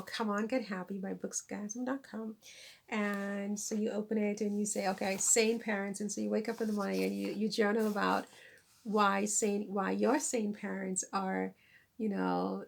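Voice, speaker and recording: A woman vlogger and author living in France chats casually to the camera, recommending her books while laughing at herself in a self-deprecating way. Her mid-range voice has vocal fry and a darkish tone.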